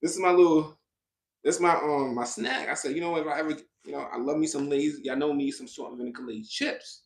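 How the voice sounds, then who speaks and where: A man's voice: a little high, animated, quick pace, creaky, breathy edge. A man hosting a casual livestreamed podcast, rambling and emphatic, with slangy, profane talk and frequent restarts. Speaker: podcast host.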